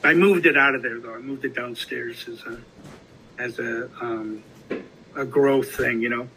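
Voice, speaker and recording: Bright-voiced rambling male podcast host. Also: medium pitch, fairly even intonation, measured pace, slight background noise, poor audio. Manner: rambling storytelling with many restarts and fillers. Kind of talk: casual recovery podcast chat.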